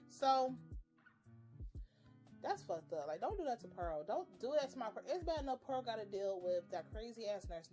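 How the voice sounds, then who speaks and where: Blunt, profane woman recapping a show. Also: fairly high pitch. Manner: profane, blunt and animated, with frequent swearing. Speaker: TV episode reviewer. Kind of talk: casual recap and reaction.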